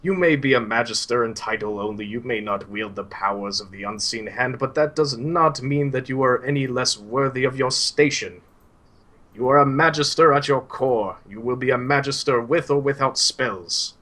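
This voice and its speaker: A man voicing a kind, frail old male teacher who hunches over a cane, speaking slowly and gently chiding. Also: mid-range voice, pitched above the performer's own voice, close to an everyday voice.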